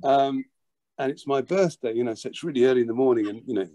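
An older man, telling a childhood story as an interview guest, lively and full of restarts and repeated words. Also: mid-range voice, fast. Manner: animated, repeats words while acting out a story. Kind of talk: anecdotal storytelling.

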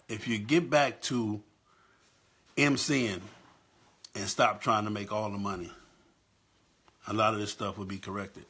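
A man's voice: fairly low pitch, fairly even intonation, unhurried, long pauses, pushed and bright, breathy edge. A middle-aged man hosting a live-stream talk, impassioned and swinging between choked-up and fired-up. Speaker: show host.

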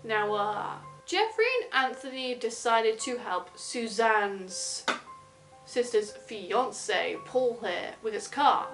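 Woman with a london accent, true crime storyteller, fairly high voice, blunt indignant asides. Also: slow pace, a bit bright, faint music behind, rough recording.

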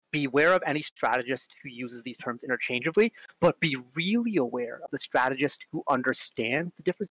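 A man giving a casual conference talk, chatty, full of fillers, and animated when he tells stories. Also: medium pitch, no room sound, poor audio. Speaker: conference speaker on robotics strategy.

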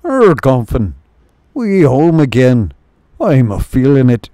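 A man's voice: mid-range voice, very animated, takes it slowly, dark tone, dry recording, studio quality, voice pushed up. A man voicing a simple, cheerful young male mole who talks in a rustic country dialect. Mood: eager.

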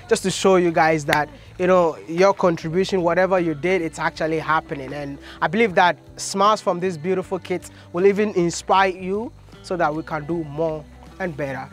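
A young man with a Ghanaian accent, vlogging to camera on a busy street, animated and quick to laugh and joke. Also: fairly high pitch, soft background music. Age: young adult. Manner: animated, laughs often, jokes and teases. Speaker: travel vlogger. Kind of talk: excited casual vlog talk to camera. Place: outdoors on a busy city street with traffic.

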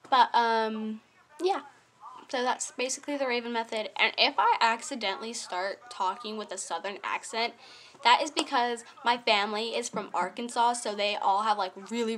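Young woman, casual home vlogger; a touch high, rambling, self-correcting, giggly; faint background noise. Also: a bit bright. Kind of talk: casual chatty explanation. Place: home bedroom or living room with TV.

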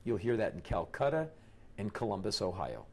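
A middle-aged man from the United States telling stories in an interview in an animated way, quoting the people he met. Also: on the low side, moderate pace, vocal fry, slight background noise. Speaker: interview guest.

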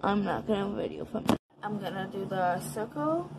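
A woman's voice: medium pitch, very animated, moderate pace, vocal fry, heavy background noise. A woman talking casually in a home vlog, counting her exercises aloud and chatting to her dogs. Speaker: vlogger.

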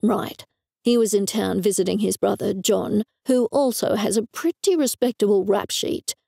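A woman's voice: mid-range voice, moderate pace, vocal fry, warm tone, no room sound, clean studio sound. A woman narrator voicing a tired, businesslike male police detective. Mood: matter-of-fact. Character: weary male police detective, matter-of-fact.

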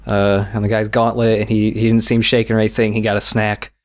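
A man's voice: on the low side, completely flat delivery, quick pace, background noise. Rambling young man telling a story. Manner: rambling storyteller, swears casually, laughs often. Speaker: podcast co-host. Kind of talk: casual chat.

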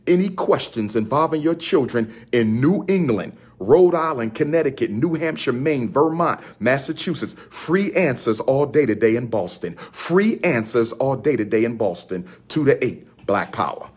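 Man from Philadelphia, husky voice, emphatic rally-style promo, repeats lines like a chant. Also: medium pitch, expressive, normal speed, few pauses, darkish tone. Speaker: activist promoting his own events. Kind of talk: rallying self-promotional announcement.

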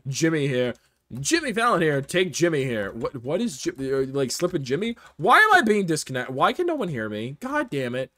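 A man's voice: a little high, wildly swooping pitch, normal speed, pushed and bright. A man streaming a game live with viewers, joking and bantering playfully. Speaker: streamer playing games with viewers.

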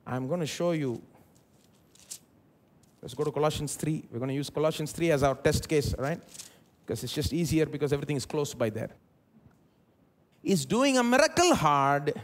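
A male pastor with an Indian English accent, preaching a sermon at a church service and swinging between loud emphasis and quiet asides. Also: a little high.

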